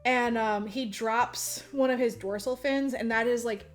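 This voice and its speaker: High-voiced woman gushing through a movie recap. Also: unhurried, soft background music. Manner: animated, laughing, lots of "like" fillers, swearing. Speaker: podcast host. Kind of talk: casual movie recap chat.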